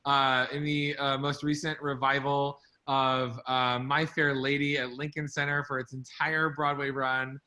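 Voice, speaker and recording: A man's voice: medium pitch, flat delivery, unhurried, few pauses, pushed and bright. A man co-hosting a casual chat who laughs easily and introduces guests fondly. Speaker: co-host.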